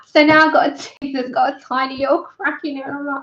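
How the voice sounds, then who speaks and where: A woman's voice: high-pitched, little pitch movement, quick pace, fairly bright tone, muffled recording. A woman, chatting casually as she colours on a livestream, laughing often and acting out a story. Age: 30s. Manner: chatty, laughs often, acts out her own story in quoted voices.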